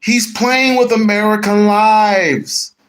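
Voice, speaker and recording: A man's voice: high-pitched, fairly even intonation, slow pace, a bit bright. A man hosting political commentary, emphatic and repeating phrases to drive points home to his audience.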